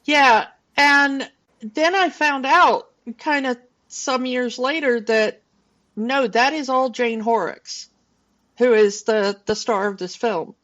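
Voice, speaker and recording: Slow-talking woman on a dull recording. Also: a little high, a bit bright. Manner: rambling, loose, with many fillers and restarts. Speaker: podcast co-host. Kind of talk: casual film podcast chat.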